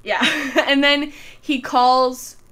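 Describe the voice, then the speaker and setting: Canadian woman cohosting a tv recap podcast, highish voice, chatty, trails off quiet. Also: level tone, drawn-out words, smooth. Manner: chatty, trails off softly at sentence ends. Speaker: podcast co-host. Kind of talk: casual chat about a TV episode.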